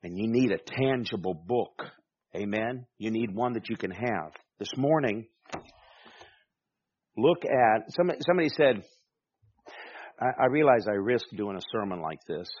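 Man, pastor, emphatic sermon, rhetorical questions, low pitch, dry dull sound. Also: animated, normal speed, long pauses, a little mellow, husky, dry recording.

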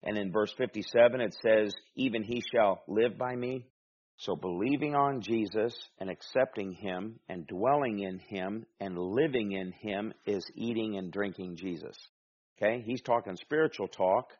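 Husky preacher man, emphatic. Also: on the low side, moderate pace, dull audio. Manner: emphatic, rising loud on scripture readings. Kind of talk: expository sermon, reading scripture aloud.

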